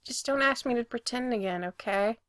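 A gentle, weary young man from a storybook, speaking softly and sounding worn down, as a woman reads him. The voice stays bright and clear in a dry, close recording. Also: on the high side, a little fast, no room sound, close to an everyday voice. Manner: soft-spoken and worn down. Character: tired, gentle young man, quietly fond.

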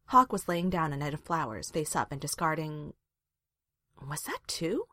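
Low-voiced woman reading a story. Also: brisk, bright, forceful tone, dry recording. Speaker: reader. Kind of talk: reading fan fiction aloud.

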